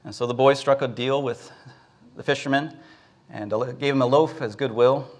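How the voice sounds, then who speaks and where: A man's voice: medium pitch, fairly even intonation, normal speed. A male preacher gives a sermon, telling a Bible story with some filler words.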